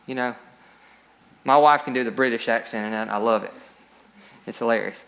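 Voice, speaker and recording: A man's voice: medium pitch, brisk, long pauses, a bit bright. A male pastor preaching a sermon, reading scripture aloud and rising into emphatic peaks.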